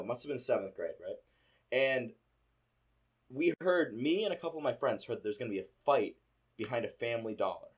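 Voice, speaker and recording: A young man co-hosting a podcast, telling profane stories from his school days in casual chat and acting out the voices of people in them. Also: mid-range voice. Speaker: podcast co-host. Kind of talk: casual storytelling.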